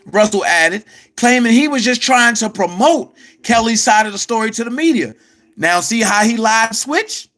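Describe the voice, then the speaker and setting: High-pitched confrontational man ranting. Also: lively intonation, normal speed, sharp tone. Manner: confrontational, addresses his target directly, reads out article passages. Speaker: commentator. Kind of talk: heated vlog commentary.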